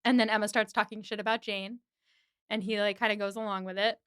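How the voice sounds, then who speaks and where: A woman hosting a podcast, recapping an episode in a casual, animated way with quick voiced asides. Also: mid-range voice, clear, resonant tone, dry recording, clean studio sound. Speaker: podcast host.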